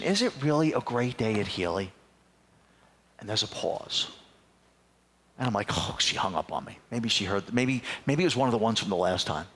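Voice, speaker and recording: A man's voice: on the low side, fairly quick. A middle-aged man, a pastor preaching a sermon and telling personal stories, acting out other people's voices along the way. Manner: animated storyteller who acts out other voices. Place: church sanctuary.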